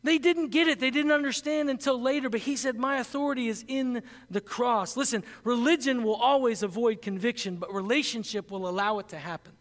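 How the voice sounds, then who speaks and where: Pastor, male, high-pitched, earnest and emphatic sermon delivery, long hall reverb. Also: fairly bright tone. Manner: earnest, emphatic preaching with slow, stressed key phrases.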